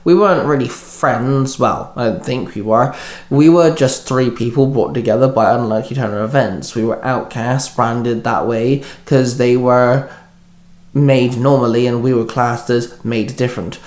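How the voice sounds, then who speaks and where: A man narrating a first-person fanfic story with steady, plain reading. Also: medium pitch, a little slow. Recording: echoey room.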